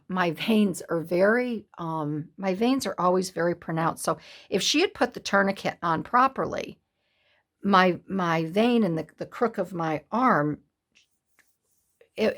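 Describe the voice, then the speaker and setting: Slow, low-voiced woman in her sixties. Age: 60s. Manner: halting, upset, many pauses and restarts. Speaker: craft vlogger. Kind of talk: casual chat to camera.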